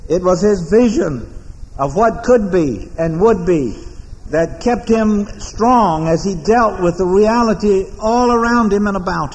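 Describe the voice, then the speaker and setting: American male pastor, high voice, solemn measured sermon delivery, long church reverb. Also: a little mellow. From United States. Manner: measured, solemn oratory with deliberate pauses. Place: large church sanctuary.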